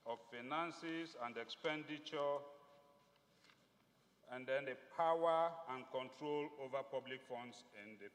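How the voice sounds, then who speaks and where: A male lawmaker with a Nigerian English accent addresses the house in a formal, emphatic way, leaning hard on single words. His voice sits high and sounds bright. The sound rings out with the long reverb of a large chamber. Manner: formal, emphatic, rising to stress key words. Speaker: legislator. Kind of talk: parliamentary floor speech.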